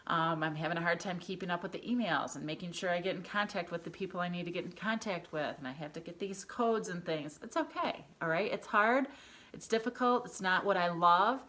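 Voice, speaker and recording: Lower-voiced teacher woman, reassuring. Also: brisk, fairly bright tone. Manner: reassuring, checks in with a frequent "okay?". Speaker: elementary school teacher. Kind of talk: remote video lesson to students.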